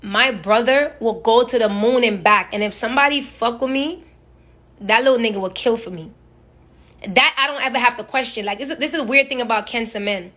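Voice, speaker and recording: Bright-voiced young woman, animated chat. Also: fairly high pitch, brisk. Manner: animated, profane, storytelling with imitated quotes. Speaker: social media personality. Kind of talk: casual live-stream chat. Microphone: phone.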